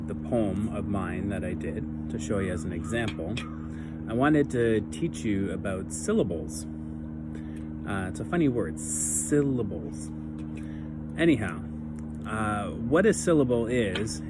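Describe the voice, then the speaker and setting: Heavy background noise surrounds a male teacher whose voice is on the low side as he records a lesson for young children. He stays patient, says um and uh often, and jokes a little at his own expense.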